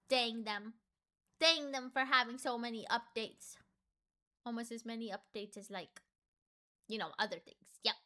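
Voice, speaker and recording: A young adult woman chats casually with her stream, taking her time and pausing often. She uses plenty of fillers, and her pitch suddenly jumps up whenever she gets excited.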